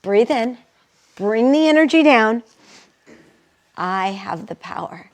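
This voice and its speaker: Slow gravelly-voiced woman leading a workshop. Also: a little high, expressive, a crowd in the background. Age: middle-aged. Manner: chatty, laughs often, leads call-and-response affirmations. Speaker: workshop leader and energy healer. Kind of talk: live workshop talk.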